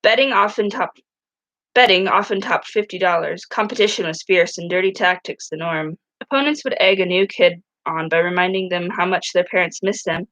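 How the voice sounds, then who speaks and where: A woman's voice: lowish voice, moderate pace, a bit bright, dry recording, lo-fi sound. A woman reading a novel aloud in a casual way, often stumbling and restarting her words. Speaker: reader.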